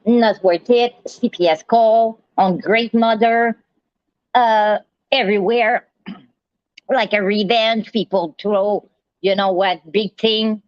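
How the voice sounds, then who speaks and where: A woman's voice: medium pitch, fairly even intonation, slow pace, no room sound. A woman hosting a livestream, giving a heated rant straight at a rival, repeating herself, with non-native phrasing. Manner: repetitive, confrontational, talks straight to a rival. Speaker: livestream host. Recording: dry, dull lo-fi sound.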